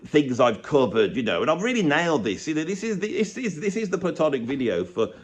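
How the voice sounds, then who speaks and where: A man's voice: on the high side, very animated, brisk. A man talks in a slightly raised voice, rambling through a comedic rant. His tone is sarcastic and self-mocking as he riffs to camera. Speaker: YouTube commentator. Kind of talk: comedic ranting commentary.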